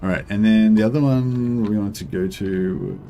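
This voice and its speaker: A man's voice: on the low side, moderate pace, warm tone, faint music behind. A young Australian man streaming a strategy game, thinking aloud in a rambling, filler-heavy way while answering chat. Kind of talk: casual gameplay commentary, answering chat.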